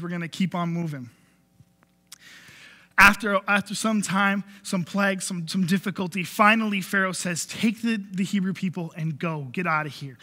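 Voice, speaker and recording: A man's voice: high voice, sharp tone, in a large hall. A man preaching a sermon as pastor, telling the story with animation and briefly acting out the voices of the people in it. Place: church.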